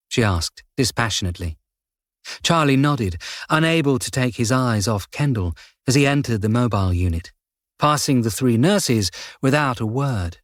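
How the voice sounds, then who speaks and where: A male audiobook narrator reads a crime novel in a steady, measured voice. His pitch is mid-range, and the scripted narration is captured with clean studio sound and no echo.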